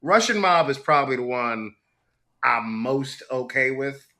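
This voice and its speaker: A middle-aged man tells a story in a casual interview, his voice bright and forward. He throws himself into quotes, jumping high and low in pitch as he acts out each person. He is animated and loose. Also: measured pace. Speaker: actor guest.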